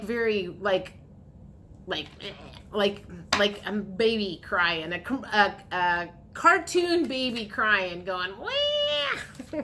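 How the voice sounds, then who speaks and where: A woman's voice: medium pitch, fairly bright tone, a little hiss or hum. A woman giving a casual tarot reading to her viewers, chatty and repetitive, sometimes acting out what the listener might say. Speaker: tarot reader.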